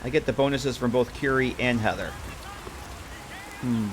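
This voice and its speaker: A man's voice: medium pitch, moderate pace, noisy background. A man streaming a game live, chatting casually with viewers and joking with characters as he plays.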